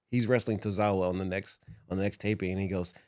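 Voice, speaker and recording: A man's voice: deep voice, steady tone, fairly quick, a little mellow, no room sound, clean studio sound. A man, a former wrestler, recalling his career in a casual interview, laughing often as he talks. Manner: laughs often, emotional recollection. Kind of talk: casual storytelling.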